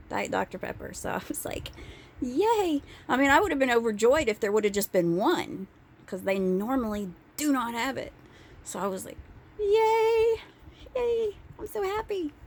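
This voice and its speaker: Slow-talking woman telling a story. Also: on the high side. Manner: animated, profane, laughing asides. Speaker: vlogger. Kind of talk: casual storytelling vlog.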